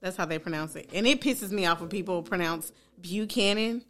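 A woman from the Nashville area with a Southern accent, chatting casually in a blunt, profane, animated way. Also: lowish voice, fast talker. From Goodlettsville, Tennessee. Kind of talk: casual chat.

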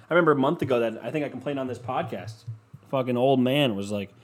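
A man hosts a casual solo podcast at a quick pace in a mid-range voice. He rambles, swears freely and crams his talk with "you know."

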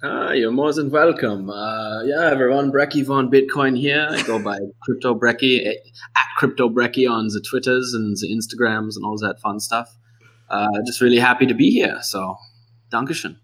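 A man's voice: medium pitch, normal speed, a bit bright, lightly acted. A man putting on a thick comic German-style accent. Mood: jokey greeting.

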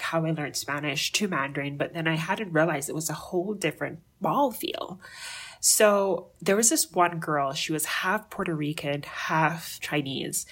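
A young woman with a Jamaican accent, a guest telling stories in an interview, animated and acting out the voices of people she quotes. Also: low voice, husky. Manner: animated, acts out quoted voices, frequent laughter. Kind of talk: storytelling interview.

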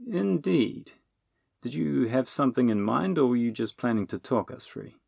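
A wry, genteel wizard with a calm, dry way of speaking, voiced by a male audiobook narrator. The pitch is raised a little above the reader's own, with a gravelly texture in a close, dry recording. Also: normal speed, no room sound. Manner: wry, genteel, calls others old chap.

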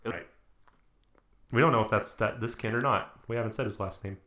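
Rambling podcast guy, lowish voice, bit of room echo, jokey. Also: brisk, a bit bright. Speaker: podcast host. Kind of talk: casual movie-review chat.

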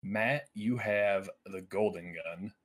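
A man's voice: lowish voice, slow, breathy edge. A man hosting a casual gaming podcast, running the segments and laughing often. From United States. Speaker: podcast host.

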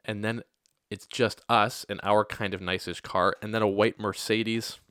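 Brief: deep-voiced man, chatty storyteller, dry close sound. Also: level tone, unhurried, fairly bright tone, dry recording. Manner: rambling, self-correcting anecdote with asides. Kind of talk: casual personal storytelling.

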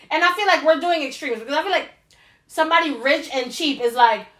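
Blunt, animated high-voiced woman. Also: fast. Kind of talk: casual chat.

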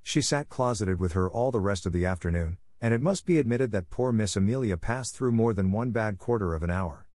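A man narrating a classic story aloud in a steady, measured reading voice, recorded close. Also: lowish voice, no echo. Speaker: audiobook reader.

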